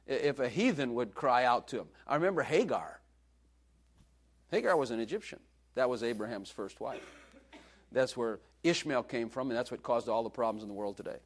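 Lively, joking male preacher. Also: mid-range voice. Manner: joking, conversational, laughs often. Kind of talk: sermon.

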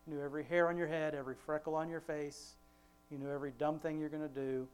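A father leads his family in an informal devotion, talking in a wandering, often-restarted way and slowing to emphasize scripture. His voice is fairly high and smooth, with a flat delivery.

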